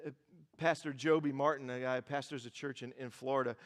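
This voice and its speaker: A male pastor preaching a sermon in a church, lively and joking, repeating phrases for emphasis. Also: mid-range voice, fast talker. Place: large church auditorium. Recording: reverberant church hall.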